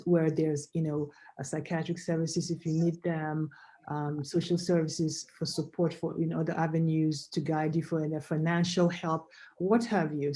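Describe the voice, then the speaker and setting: A woman doctor answering a question on an online panel in a measured, explanatory way, with frequent fillers and restarts. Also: deep voice, mellow, low-quality recording. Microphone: video call.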